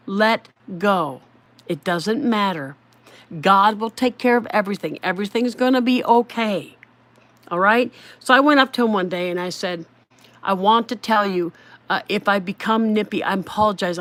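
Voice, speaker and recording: A woman's voice: medium pitch, a bit bright, no room sound. A middle-aged woman giving a personal devotional talk, earnest and emphatic, repeating phrases for stress. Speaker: devotional speaker.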